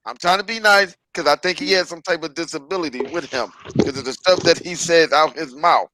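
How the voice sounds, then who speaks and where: Over a rough recording, a man with a slightly high, pushed, bright voice rants brisk and preachy on his podcast, swearing and repeating "stop it."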